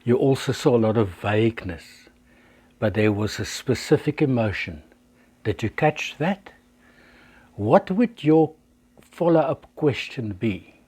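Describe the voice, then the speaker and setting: Slow, mellow-voiced man in his sixties. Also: medium pitch, expressive, slightly rough. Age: 60s. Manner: illustrates with acted examples. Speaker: life coach. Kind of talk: teaching talk to camera.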